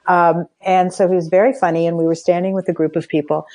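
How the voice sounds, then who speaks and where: A woman's voice: lowish voice, quick pace, poor audio. An older woman, a guest on a podcast, telling a personal story with energy and acting out the dialogue she quotes. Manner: animated storyteller who acts out quoted dialogue. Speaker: podcast guest, spiritual coach. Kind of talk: storytelling in a casual interview.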